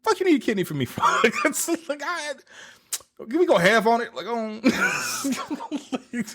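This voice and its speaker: A man's voice: very high-pitched, very animated, a little fast, fairly bright tone. A man co-hosting a casual podcast, joking and laughing often as he reacts and shares his own take. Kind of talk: casual chat.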